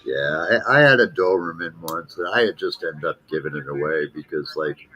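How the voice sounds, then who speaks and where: Very deep, bright-edged man. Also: normal speed, slightly rough, muffled recording. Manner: laid-back, peppers speech with dude and you know. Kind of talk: casual chat.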